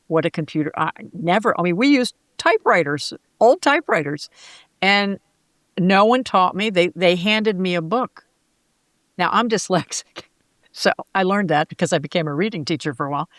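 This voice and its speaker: An older woman, a former sportscaster, telling lively anecdotes as an interview guest and acting out the voices she quotes. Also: on the low side, normal speed, dry recording. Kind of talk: casual interview storytelling.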